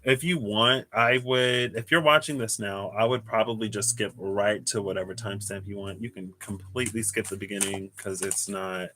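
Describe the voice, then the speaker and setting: A man giving a casual livestream tarot reading, thinking aloud in a rambling way with restarts and soft chuckles. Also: lowish voice, fairly even intonation, moderate pace, few pauses, slight background noise. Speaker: tarot reader.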